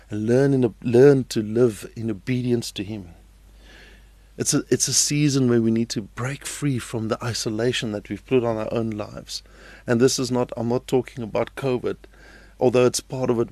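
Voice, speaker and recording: A male pastor delivering a sermon and prayer in an earnest voice, repeating phrases for emphasis. His mid-pitched voice has a gravelly fry, and the recording is close and dry. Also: darkish tone, no room sound.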